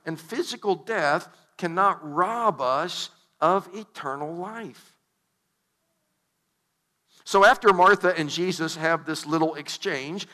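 A male pastor delivering a sermon, his voice a little high and strikingly bright. He reads scripture aloud and breaks into casual, joking asides. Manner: conversational, with humorous asides.

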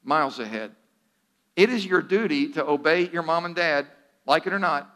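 A man's voice: on the high side, animated, normal speed, fairly bright tone. A man preaching a sermon in an earnest, direct way, with a teasing humor and repeated words for emphasis. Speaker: pastor.

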